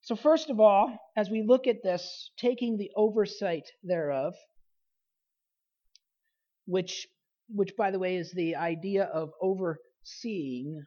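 A woman's voice: mid-range voice, slow pace. Woman pastor preaching, dull lo-fi sound. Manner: emphatic preaching, repeats key phrases, trails off softly at phrase ends. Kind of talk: sermon.

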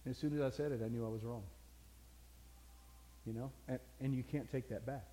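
A man's voice: medium pitch, steady tone, brisk, mellow, slight background noise. Folksy older male preacher in a hall. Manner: folksy storytelling, earnest. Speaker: pastor. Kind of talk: sermon.

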